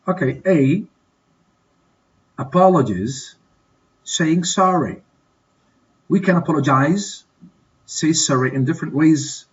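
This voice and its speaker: A man teaching English vocabulary to students, reading example sentences and repeating phrases slowly for them to follow. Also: medium pitch, breathy edge, lo-fi sound. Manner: slow, repeats each phrase for learners. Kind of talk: recorded English vocabulary lesson.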